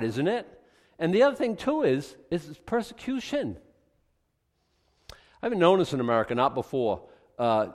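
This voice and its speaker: Animated preaching pastor in a reverberant church. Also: male voice, on the high side. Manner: animated, conversational preaching with sarcastic asides. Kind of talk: expository sermon. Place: church sanctuary.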